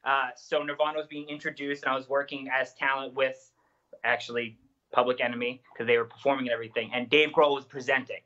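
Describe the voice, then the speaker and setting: A man on a pop culture podcast telling an excited story over a remote link. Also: medium pitch, fast, dull audio. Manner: excited, quotes people in dialogue. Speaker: co-host. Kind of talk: casual storytelling.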